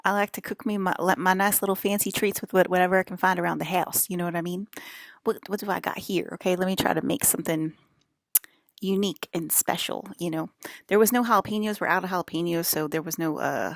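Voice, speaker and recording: A woman talking casually to her viewers in a loose, rambling monologue, with a drawl and pauses to cough. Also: fairly low pitch, fairly even intonation, gravelly, no room sound, clean studio sound. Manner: rambling, drawling, uses y'all and fixing to. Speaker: vlogger.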